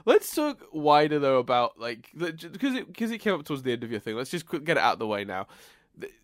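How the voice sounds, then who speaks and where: A man's voice: fairly high pitch, very animated, quick pace, no room sound, studio quality. A man co-hosting a podcast in casual chat, rambling with many restarts and frequent laughs. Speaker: podcast co-host.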